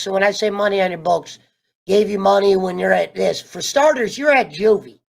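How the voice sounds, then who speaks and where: A man casually ranting through a TV show review, animated and profane, wandering off on tangents. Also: high voice, a little fast, vocal fry. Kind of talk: casual rambling rant.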